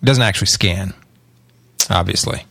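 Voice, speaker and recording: A man's voice: deep voice, normal speed, gravelly, a bit bright, breathy edge, dry recording. A man co-hosting a casual podcast, rambling and searching for words as he explains tech. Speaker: co-host. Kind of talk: casual chat.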